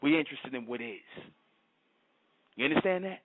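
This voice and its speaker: A man's voice: medium pitch, animated, moderate pace. A man hosting his own channel, delivering an emphatic, repetitive solo monologue and often asking his listeners if they understand. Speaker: channel host. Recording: tinny phone-like sound.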